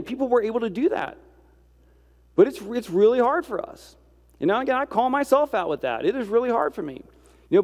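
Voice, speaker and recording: Man, high-pitched, easygoing devotional speaker who asks the audience questions and teases himself, long room echo. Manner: rhetorical questions and self-deprecating asides. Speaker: speaker giving a reflective Christian talk. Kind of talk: conversational devotional talk.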